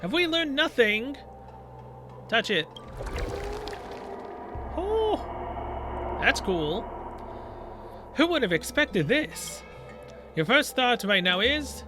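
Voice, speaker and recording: A man's voice: extremely high pitch, very animated, very slow, long pauses, pushed and bright, faint music behind. A man playing through a story game, reading its dialogue aloud and adding sarcastic asides. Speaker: gaming video creator.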